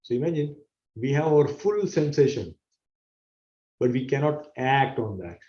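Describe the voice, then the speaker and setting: Brief: earnest male scripture teacher, mellow and dark tone, echoey, muffled recording. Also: mid-range voice, lively intonation, measured pace. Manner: earnest, repeats key phrases, acts out gasps. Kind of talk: explanatory sermon to an online audience. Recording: roomy, dull-sounding recording.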